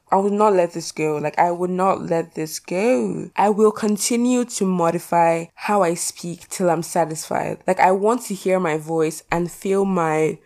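A woman's voice: on the low side, darkish tone. A teenage girl hosting her own podcast, chatting casually in a rambling, self-mocking way. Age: teens. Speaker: podcast host. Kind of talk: casual solo podcast chat.

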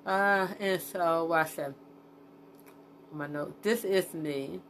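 A woman's voice: lowish voice, takes it slowly, a bit bright, a little hiss or hum. Rambling, frank woman podcaster. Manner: rambling, profane, frank, with many fillers and restarts; talks to herself while checking her notes. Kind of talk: unscripted solo podcast monologue.

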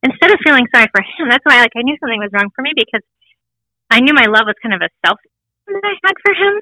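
Thirties woman, interview guest, candid and bright, dry close mic. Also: high voice, sing-song, quick pace, no room sound, low-quality recording. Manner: candid, laughs often, acts out voices in quotes. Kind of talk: personal testimony interview.

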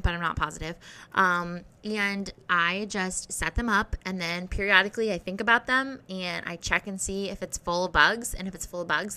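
Bright-voiced woman rambling and swearing. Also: medium pitch. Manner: sweary, rambling, animated storytelling. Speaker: vlogger. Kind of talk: rambling casual monologue.

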